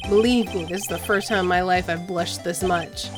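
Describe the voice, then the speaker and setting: A woman's voice: fairly low pitch, fairly even intonation, normal speed, faint music behind, pitched below the performer's own voice, lightly acted. A woman voicing a young male defense lawyer, earnest and easily flustered, stumbling over his words.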